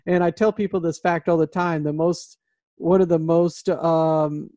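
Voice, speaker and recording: A man's voice: on the high side, little pitch movement, measured pace, dark tone, no echo. A man hosting a casual podcast chat about his inspection business, joking and laughing a lot. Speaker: podcast host and home inspection business owner. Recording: dry, slightly dull sound.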